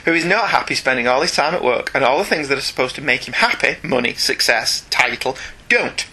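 A man's voice: medium pitch, brisk, breathy edge. A British man chatting casually and jokingly as a podcast co-host discussing comics. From Britain. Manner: chatty, jokey, animated.

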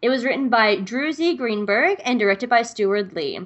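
A woman's voice: on the high side, lively intonation, normal speed, lo-fi sound. A woman co-hosting a fan podcast, chatting casually and reading an episode recap. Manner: chatty, laughs easily, reads recaps aloud. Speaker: podcast co-host.

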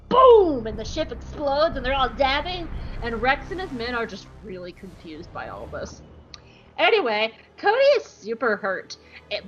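A woman's voice: fairly high pitch, a bit bright, muffled recording. A woman podcast host giving a casual, sarcastic and playful episode recap. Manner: sarcastic and playful, jumps into voices.

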